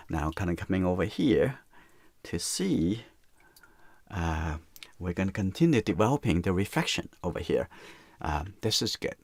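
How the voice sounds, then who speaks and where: Man, watercolor teacher, lively up-and-down pitch, dry close recording. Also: no room sound. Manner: relaxed running commentary, repeats "okay, that's good". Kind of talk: live painting demonstration.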